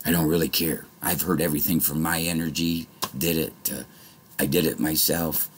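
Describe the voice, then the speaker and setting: A man vlogging a rambling monologue to his viewers, swinging from low muttering to angry shouting and swearing often. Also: steady tone, moderate pace, a little hiss or hum.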